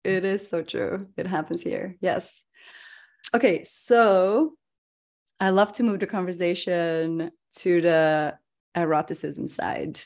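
A woman hosts a relaxed podcast conversation. She talks expressively, laughs often and slips into the voices of people she quotes. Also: on the low side, slow pace. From Netherlands. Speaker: podcast host. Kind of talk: casual conversational interview.

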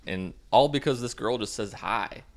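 A man's voice: mid-range voice, moderate pace. Sarcastic young man recapping a movie. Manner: sarcastic and mocking. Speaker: movie reviewer.

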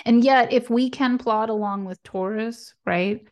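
A woman's voice: fairly high pitch, unhurried, hardly any pauses, a little mellow. A woman hosting an astrology podcast in a casual solo monologue, chatty, often checking in with "right?" and laughing lightly as she goes. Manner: chatty, tags lines with "right?" and "okay?".

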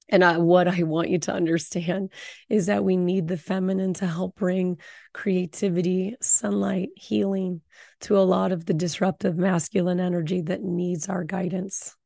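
A middle-aged woman hosting a podcast, giving earnest spiritual affirmations and teaching in a slow, soothing way. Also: medium pitch, vocal fry, dark tone, no echo, clean studio sound. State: tearful, voice breaking with emotion. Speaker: podcast host.

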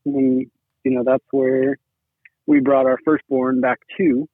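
A man's voice: medium pitch, level tone, takes it slowly, husky, dry recording. A man talking casually as a guest, rambling with lots of "you know"s. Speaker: guest, sibling-in-law. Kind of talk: casual conversation. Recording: tinny phone-like line.

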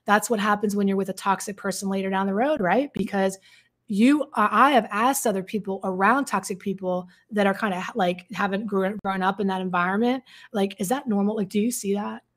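A woman's voice: medium pitch, fairly even intonation, a little fast, a bit bright. A woman coach speaking frankly and earnestly, telling a personal story with many fillers and restarts. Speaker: codependency coach.

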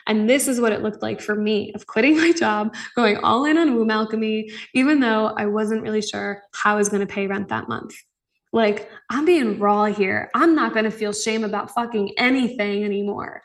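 A young woman hosting a podcast, talking in an earnest, raw and excitable way about her spiritual life, often breaking into laughs. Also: a little high, moderate pace, far from the mic. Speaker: podcast host. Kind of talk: casual spiritual monologue.

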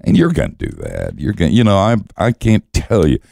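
A man's voice: deep voice, huge pitch swings, fairly quick, creaky, dark tone, no room sound, studio quality. An older man, a guest teacher, telling stories in conversation with wry, self-mocking humor and frequent chuckles. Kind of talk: storytelling conversation.

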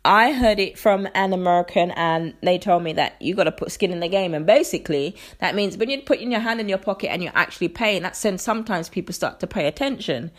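A woman's voice: fairly low pitch, expressive, a little fast, hardly any pauses. A woman hosting a solo faith podcast, talking in an earnest, conversational way that turns preacherly. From England. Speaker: podcast host. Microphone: podcast microphone.

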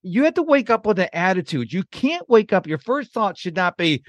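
A middle-aged man with a fairly high voice hosts a podcast conversation. He talks in an emphatic, motivational manner, and the sound is dry and close. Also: big pitch swings, moderate pace, no echo. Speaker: podcast host.

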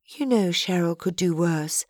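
A woman's voice: lowish voice, lively intonation, a little slow, a little mellow, no echo, clean studio sound. Woman voicing a gossipy, chatty old friend. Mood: teasing.

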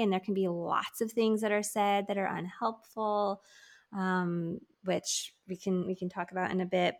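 A woman in her thirties talking candidly about grief in a casual conversation, with many fillers. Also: mid-range voice.

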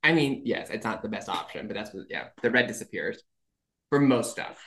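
A man's voice: fairly low pitch, animated, brisk, a bit bright, slight background noise. A man who dances ballet, explaining schedules in a matter-of-fact casual chat. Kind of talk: casual conversation.

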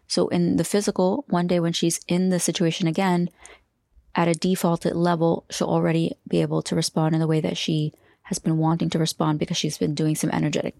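Low gravelly woman doing a solo coaching podcast, dry close sound, rambles a bit. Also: a little mellow, no echo. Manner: loose, talks through restarts, drops into a whisper now and then. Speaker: podcast host and life coach.

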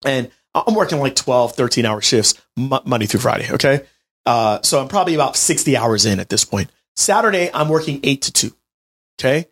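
A man in his late twenties telling a personal story in an animated, chatty way, talking straight to his listeners. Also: medium pitch, a little fast, slightly rough. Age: 20s. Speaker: healthcare business owner. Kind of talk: storytelling monologue to an audience.

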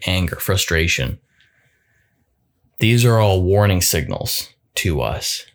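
A man giving a reflective solo talk as a coach, thoughtful and halting, often repeating words as he goes. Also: sits low.

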